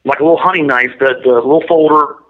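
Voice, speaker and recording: A man's voice: a little high, fairly even intonation, fast. A man giving an interview and telling a story in a blunt, matter-of-fact, detailed way. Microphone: prison phone line. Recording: muffled lo-fi line.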